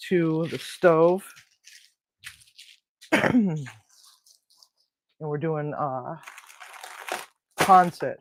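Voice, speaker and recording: Slow-talking host grumbling in a kitchen. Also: mid-range voice. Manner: chatty, mutters and grumbles to self while cooking. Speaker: cooking stream host. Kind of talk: casual live cooking chat. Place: home kitchen.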